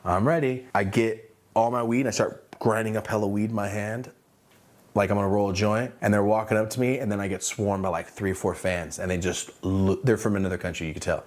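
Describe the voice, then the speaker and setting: Brief: young guy, lowish voice, casual storytime, slangy, animated retelling. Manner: animated, acts out his own quotes with big pitch jumps; slangy and laid-back. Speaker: streetwear brand owner telling a story.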